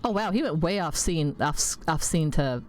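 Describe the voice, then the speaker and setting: Woman streamer, low-ish voice, rambling and sweary casual chat. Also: unhurried, darkish tone, slight background noise. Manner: rambling, swears freely, laughs at herself. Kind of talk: casual chat while playing a game.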